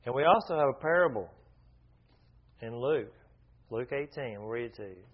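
A man's voice: mid-range voice, lively intonation, moderate pace. Man teaching a casual Bible study. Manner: conversational, restarts often, asks the group questions. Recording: dull lo-fi recording.

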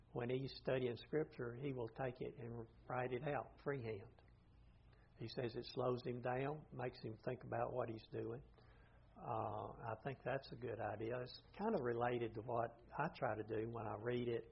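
A man's voice: mid-range voice, gravelly, a little hiss or hum. An older man teaching an informal Bible study class, plain-spoken and thinking aloud as he goes. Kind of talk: informal lecture to a group. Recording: dull lo-fi recording.

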